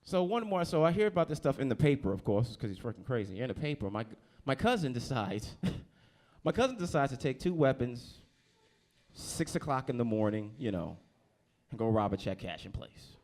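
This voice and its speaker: A man's voice: mid-range voice, big pitch swings, moderate pace, darkish tone. A man from New Jersey doing a stand-up comedy set on a club stage, talking loosely and teasing the audience. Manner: loose, conversational, teases the crowd.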